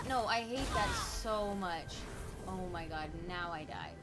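A woman's voice: mid-range voice, expressive, slow. A young woman streamer giving casual, frustrated gameplay commentary, swearing and talking to her chat. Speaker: gaming streamer. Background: game music.

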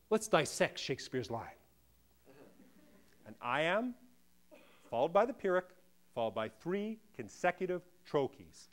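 A middle-aged man delivering a deadpan comic lecture on a theatre stage before a live audience. He swings between booming declamation and hushed murmurs. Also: a little slow, pauses often. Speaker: solo stage performer playing a lecturer.

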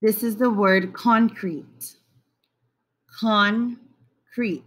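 A woman teaching young children to read in a recorded video lesson. She speaks at an unhurried pace and stretches and repeats every word. Her manner is coaxing and encouraging. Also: medium pitch, steady tone, fairly bright tone. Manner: slow, drawn-out word repetition, coaxing.

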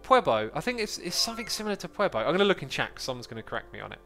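A man's voice: fairly high pitch, very animated, very fast, vocal fry, fairly bright tone, faint music behind. A man hosting a casual gaming livestream, cheerful and jokey as he tours builds with a friend. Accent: British. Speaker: livestream host.

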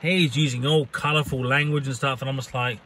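A man and hospitality worker telling a profane, animated story in a casual vlog. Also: medium pitch, brisk, slight background noise.

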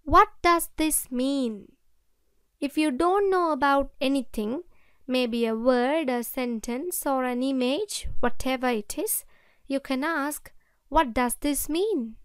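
A woman's voice: sits high, slow, a bit bright, no echo, studio quality. A woman with a Sri Lankan English accent, teaching English phrases to children and repeating each example sentence. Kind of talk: slow, deliberate classroom explanation.

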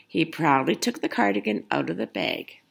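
Woman, children's storybook reading, expressive, lively pitch, heavy vocal fry. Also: moderate pace. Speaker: storybook reader. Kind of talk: reading a children's picture book aloud.

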